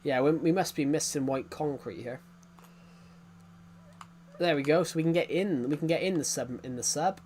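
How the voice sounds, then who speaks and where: A man's voice: a little high, normal speed, pauses often, darkish tone, slight background noise. A young British man streaming a game, giving a rambling casual tour with lots of fillers and restarts. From Britain.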